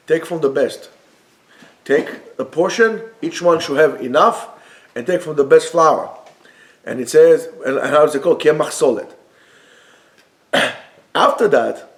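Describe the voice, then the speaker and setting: A man teaching a Torah class in a yeshiva study room, lively and acting out the dialogue of the text while mixing in Hebrew quotes and explaining them. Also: fairly high pitch.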